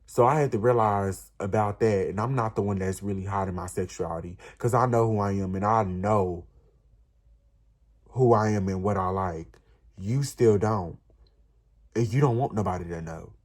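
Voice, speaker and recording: A man's voice: lowish voice, normal speed. A young man, telling an emotional, rambling storytime straight to his viewers. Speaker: vlogger. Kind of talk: storytime vlog.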